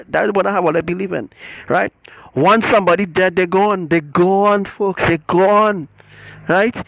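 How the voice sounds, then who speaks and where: A middle-aged man, preaching in a forceful, repetitive livestream rant that keeps asking "right?". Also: high voice, no room sound, muffled recording. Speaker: self-styled religious teacher.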